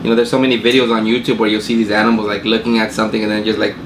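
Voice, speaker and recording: A man's voice: on the low side, little pitch movement, racing. A man co-hosting a podcast, asking questions in an easygoing, filler-heavy way. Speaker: podcast co-host. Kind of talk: casual chat. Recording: echoey room with clear noise.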